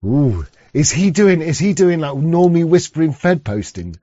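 A man's voice: fairly high pitch, sing-song, normal speed, warm tone, no echo, highs cut off. A man streaming, commenting sarcastically on clips with crude jokes and lots of stammered restarts. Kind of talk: casual mocking commentary.

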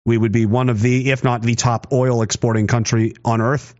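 A man's voice: mid-range voice, little pitch movement, normal speed, darkish tone, lo-fi sound. A man from Canada, rambling sarcastically and cursing while he talks on a livestream and answers chat. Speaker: streamer reading chat. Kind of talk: casual livestream commentary.

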